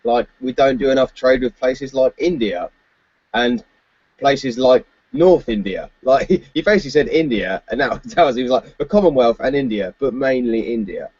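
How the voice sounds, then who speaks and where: A man's voice: medium pitch, normal speed, darkish tone, slightly rough, no room sound, lo-fi sound. A man co-hosting a casual political chat podcast, talking loosely with frequent fillers and laughs. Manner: chatty, laughs often, many fillers. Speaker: podcast co-host.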